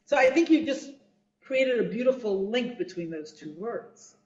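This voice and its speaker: A woman leading a text study discussion, lively and affirming as she moderates speakers. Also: a little high, normal speed. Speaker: discussion leader. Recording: echoey, dull room sound.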